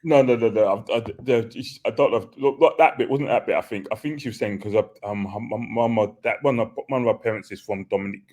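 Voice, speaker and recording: Husky-voiced man, casual podcast chat. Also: fairly low pitch, fairly quick, hardly any pauses, a little mellow. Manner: hesitant, restarts, chuckles. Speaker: podcast host.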